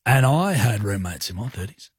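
A man's voice: on the low side, big pitch swings, moderate pace, husky, no echo, clean studio sound. An Australian man in his thirties co-hosting an afternoon radio show, joking and slangy in casual banter. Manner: joking, laid-back, slangy. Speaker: radio co-host. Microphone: studio broadcast mic.

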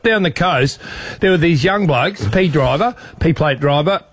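Australian male radio host, animated storyteller, slightly high voice. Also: a little slow, loud music behind the voice. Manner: animated, storytelling with jumps in pitch. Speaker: radio breakfast show host. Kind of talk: casual banter.

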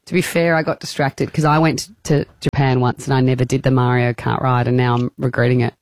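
A woman co-hosting a radio game segment, chatty and expressive. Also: rumbling low, brisk. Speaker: radio co-host.

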